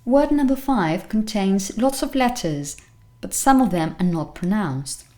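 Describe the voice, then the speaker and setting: Woman language teacher, slow deliberate pronunciation, repeats each word. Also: medium pitch, lively intonation, warm tone. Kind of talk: pronunciation lesson.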